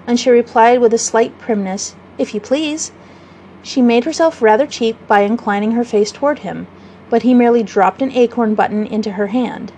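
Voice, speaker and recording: Woman reading a kids story on the radio, higher voice, little background hiss. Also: warm tone, low-quality recording. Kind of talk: reading a children's classic aloud.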